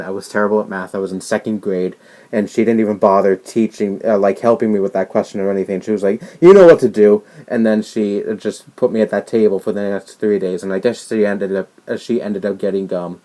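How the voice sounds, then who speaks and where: A young man with a lowish, slightly mellow voice vlogs an exasperated, rambling rant about something that happened to him, full of restarts and fillers.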